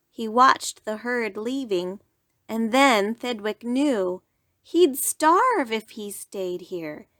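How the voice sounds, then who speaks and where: A woman storyteller reading a rhyming bedtime story aloud in an animated way. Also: mid-range voice, dry recording, clean studio sound.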